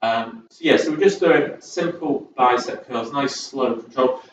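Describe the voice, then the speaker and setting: A man's voice: mid-range voice, measured pace, a little hiss or hum. Chatty man leading exercise in echoey hall. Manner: chatty, loose, encouraging instructor. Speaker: fitness instructor. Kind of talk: online chair exercise class. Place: community sports centre hall. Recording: echoey hall, dull distant camera audio.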